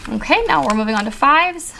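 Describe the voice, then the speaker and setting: A young woman vlogging casually about her savings, counting bills aloud in a quick murmur and chatting in a flustered, excited way. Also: high-pitched, creaky, slight background noise. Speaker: budgeting vlogger.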